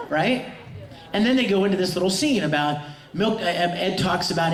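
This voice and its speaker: A man's voice: high voice, normal speed, far from the mic, some chatter behind. A middle-aged man, a voice actor on a convention panel, telling stories with enthusiasm and laughing often. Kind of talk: animated anecdote telling. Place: large convention hall before an audience. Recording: echoey hall recorded from afar.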